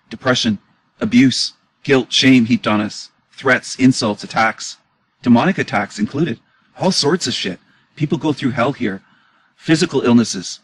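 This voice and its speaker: Man, husky voice, middle pitch, indignant reaction commentary, emotional, repeats his questions. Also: poor audio.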